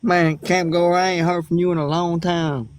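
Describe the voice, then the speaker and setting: A man's voice: high-pitched, little pitch movement, normal speed, no room sound. A man in a casual livestream chat, talking slangy and profane and laughing easily.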